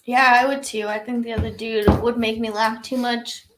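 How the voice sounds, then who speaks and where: A woman co-hosting a casual livestream podcast, blunt and quick to laugh, swearing freely. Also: a little high, level tone, music in the background. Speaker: podcast co-host.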